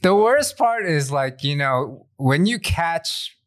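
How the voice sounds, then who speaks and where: A man's voice: a little high, animated, takes it slowly, no echo, studio quality. A man in his forties, co-hosting a podcast, telling candid, self-deprecating stories in casual chat. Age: 40s. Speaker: podcast co-host.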